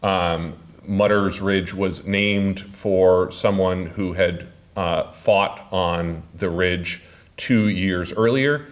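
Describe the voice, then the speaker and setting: A man giving a public talk as an author, speaking haltingly with many filler sounds. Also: sits low. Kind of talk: public lecture.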